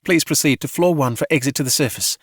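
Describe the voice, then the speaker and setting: A man voicing a calm female facility AI in a sci-fi audiobook, with formal, even announcements. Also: a little high, quick pace, breathy edge, no room sound, studio quality, pitched above the performer's own voice.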